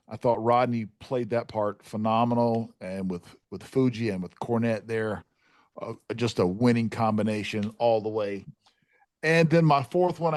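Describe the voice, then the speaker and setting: A man's voice: medium pitch, a little mellow, no echo. A man co-hosting a podcast, talking in an enthusiastic, hype-filled manner. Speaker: podcast co-host. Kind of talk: casual chat.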